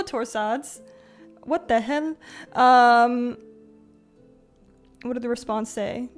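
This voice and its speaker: A young woman streaming live, chatting loosely with her chat, stringing thoughts together with "like" and "um" and breaking into giggles. Her voice sits a bit high for a woman. Soft music plays underneath her. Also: fairly even intonation, slow, long pauses. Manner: chatty, filler-heavy, giggly, greets chat by name.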